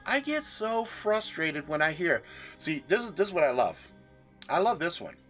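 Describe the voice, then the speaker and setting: A man's voice: sits high, a bit bright. A man venting on his livestream in a room full of his gear, casual and profane, with emphatic swearing. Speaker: livestream host.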